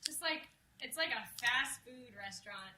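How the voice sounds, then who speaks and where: A woman's voice: a little high, lively intonation, normal speed, bright, forceful tone. A woman guest in a casual chat who talks loosely, swears, and laughs often. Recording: echoey room with clear background noise.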